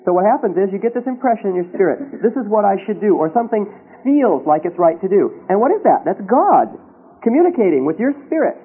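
A man's voice: high voice, very animated, quick pace, breathy edge, phone-quality sound. A man teaching from the Bible in sermon style, reading scripture aloud and checking in with his listeners. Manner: reads scripture aloud and checks in with frequent "Okay?".

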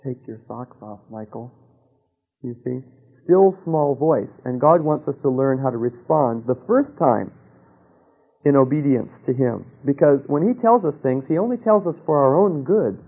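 A man preaching a sermon, telling a personal story with rhetorical questions and dropping to a hush for quoted voices. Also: a little high, lively intonation, normal speed, breathy edge, narrow, tinny audio.

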